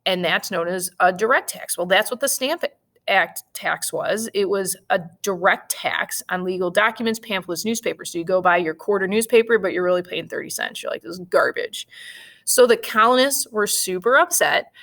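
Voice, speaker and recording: A woman teaching a history lesson in a casual, lively way, with jokes and acted-out asides. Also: mid-range voice, moderate pace. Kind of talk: casual classroom lecture.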